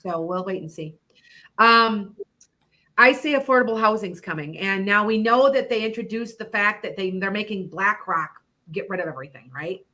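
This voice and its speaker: A middle-aged woman hosts an internet radio show, loosely chatting about her psychic predictions while rambling and laughing often. Her mid-range voice moves at a moderate pace, bright and forceful.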